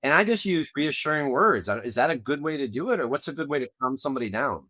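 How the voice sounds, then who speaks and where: A man's voice: medium pitch, lively intonation, fast, pushed and bright, dry recording. A middle-aged man hosting a podcast interview, talking in a rambling, conversational way with many restarts. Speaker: podcast host and tax accountant.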